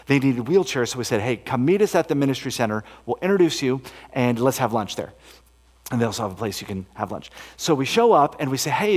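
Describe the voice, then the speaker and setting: A man speaking as a missionary at a camp meeting, telling a story in an earnest, folksy way with many fillers and restarts. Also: mid-range voice. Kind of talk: storytelling sermon talk. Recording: long hall reverb.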